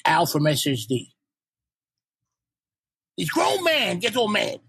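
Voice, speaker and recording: An older man from New York tells stories in a loose, joking podcast chat, cursing as he goes. His voice sits high and comes out husky. The sound is dry and close. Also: slow pace, no room sound, low-quality recording. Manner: animated, ball-busting, swears freely. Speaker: guest, punk band frontman.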